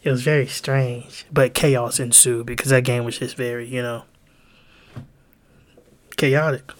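Young male podcast co-host; casual, animated storyteller who swears freely. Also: mid-range voice, a little slow. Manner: animated, swears freely, laughs through stories.

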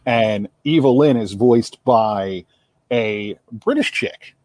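Speaking slowly in a mid-range, slightly mellow voice, a male podcast co-host with a South Jersey accent rambles through casual sports radio talk. He tends to repeat words mid-thought, and there's no room sound.

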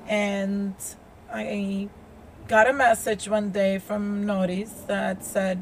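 Woman on a podcast telling her story, slow and earnest, a bit of background hum. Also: medium pitch, level tone. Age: adult with a child. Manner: earnest, open, speaks with heartfelt emotion. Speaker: guest. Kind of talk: personal storytelling in a podcast interview.

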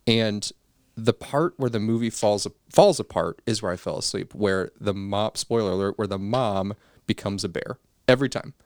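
A man's voice: on the low side, normal speed, no echo, clean studio sound. A man co-hosting a casual movie podcast, laid-back and self-deprecating. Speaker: podcast co-host.

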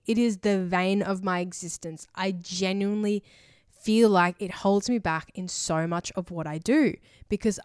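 A woman's voice: mid-range voice, a little mellow, clean tone, dry recording, studio quality. A woman hosting a solo podcast, talking in a rambling, emotional way full of fillers and casual swearing. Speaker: podcast host.

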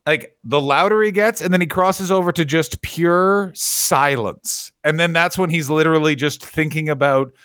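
A man's voice: fairly high pitch, normal speed, few pauses, fairly bright tone, no echo, studio quality. A man co-hosting a comedy podcast, teasing his partner with sardonic, profane jokes. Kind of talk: casual comedic chat.

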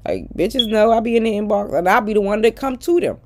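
A woman's voice: mid-range voice, lively intonation, fairly quick, a little hiss or hum. A middle-aged woman ranting bluntly and profanely at her followers in a casual vlog. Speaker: social media personality.

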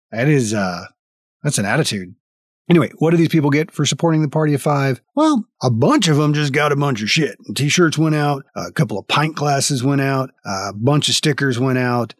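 A man's voice: mid-range voice, no room sound. A man running a tabletop game as dungeon master, wry and rambling, swearing often as he reads out thanks.

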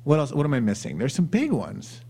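A man's voice: medium pitch, wildly swooping pitch, a little fast, dark tone, breathy edge. A man hosting a podcast, asking his guest questions in loose, chatty conversation. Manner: chatty, asks loose questions, laughs along. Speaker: podcast host. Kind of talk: casual interview chat.

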